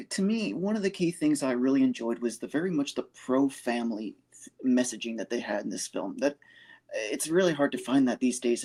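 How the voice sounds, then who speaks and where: Man, co-host on a live review show, mid-pitched voice, earnest, halting, lots of fillers. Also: darkish tone.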